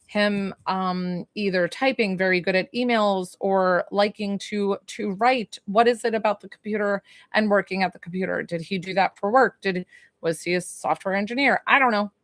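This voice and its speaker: A woman's voice: mid-range voice, moderate pace, dry recording, clean studio sound. A young adult woman working as a psychic medium in a live-streamed reading, talking in a chatty, hesitant way with many fillers and questions.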